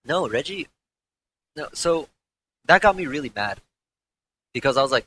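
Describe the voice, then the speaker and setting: A young man tells his story in a candid interview, often restarting his sentences and cursing freely. His voice is bright and forceful, and a faint hiss sits under the recording. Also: on the high side, lively intonation, normal speed, pauses often, poor audio. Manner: rambling, profane, frequent restarts. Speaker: former pro gamer.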